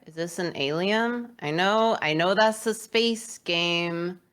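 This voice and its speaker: A woman's voice: lowish voice, takes it slowly, a bit bright, clear, resonant tone. A woman chatting casually on a charity game stream, playful and laughing often as she draws. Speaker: charity stream guest drawing characters. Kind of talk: casual chat.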